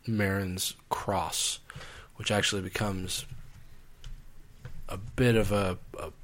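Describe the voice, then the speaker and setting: Low-pitched and level in tone, a man takes his time as he co-hosts a casual film review podcast. He tends to hesitate, start over, and trail off partway through ideas.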